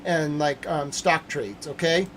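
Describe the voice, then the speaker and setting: Hoarse man ranting on a livestream. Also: fairly high pitch, slow pace, slight background noise. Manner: agitated, loud and repetitive, swings between yelling and muttering. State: hoarse from yelling. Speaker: livestream news commentary host.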